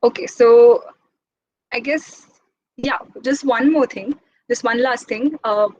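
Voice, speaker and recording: A young woman giving an informal talk as guest speaker, speaking quickly in a chatty, encouraging way. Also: a little high, a little mellow, dry recording, lo-fi sound. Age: young adult.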